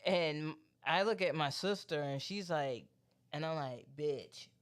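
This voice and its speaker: A man co-hosting a podcast, telling a story in a loose, profane, animated way and quoting the people in it. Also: a little high, unhurried, clean tone. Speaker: podcast co-host. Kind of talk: casual chat, storytelling.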